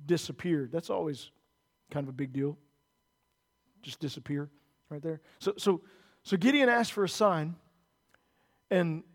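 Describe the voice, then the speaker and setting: A man with a strikingly high voice preaches a sermon. He talks to his congregation in an earnest, conversational way that swells into emphatic declarations. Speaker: pastor.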